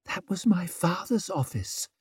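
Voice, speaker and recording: Guy putting on a high breathy whisper for a scared noblewoman, storybook. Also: very slow, no room sound, clean studio sound, heavily acted. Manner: hushed whispering. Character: frightened pregnant noblewoman, sharp-tongued.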